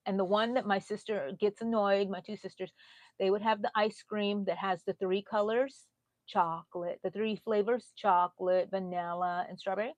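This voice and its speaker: A middle-aged Texan woman hosting a casual crochet livestream, chatty, laughing often and drifting into soft asides. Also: medium pitch, steady tone, moderate pace, no echo. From Texas. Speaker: crochet channel host.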